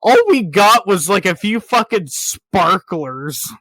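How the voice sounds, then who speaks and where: A man's voice: sits high, animated, slow, bright, forceful tone, dry recording. A man co-hosting a podcast in casual chat, hesitant with lots of fillers and swearing. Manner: profane, hesitant, with many fillers. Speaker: podcast co-host.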